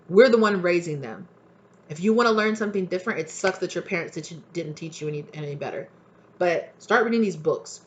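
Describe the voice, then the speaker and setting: A woman's voice: lowish voice, a bit bright. A young adult woman, a tarot reader, talking casually to camera in a heated, passionate rant with swearing.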